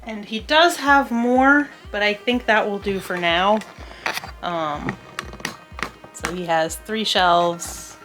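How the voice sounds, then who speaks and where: A woman's voice: medium pitch, slow. A young woman chatting casually as she sorts books at home, scattered and laughing often. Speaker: book vlogger. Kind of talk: casual chat while organizing. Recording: music playing underneath.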